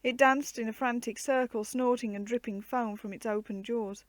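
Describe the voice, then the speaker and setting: Woman storyteller, fairly high voice, dry close sound; measured book reading. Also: dry recording. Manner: measured, expressive narration. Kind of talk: reading a children's adventure book aloud.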